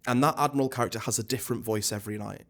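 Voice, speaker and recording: A man, a stage actor, talking as a guest in a casual interview, animated and chatty with many restarts. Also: mid-range voice, very fast.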